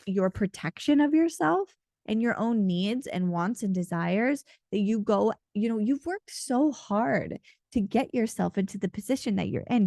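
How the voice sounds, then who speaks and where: Warm-voiced woman giving an earnest card reading. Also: mid-range voice, no echo, studio quality. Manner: earnest, intense, rambling with many fillers. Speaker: intuitive card reader and channeler. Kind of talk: casual spoken channeled card reading.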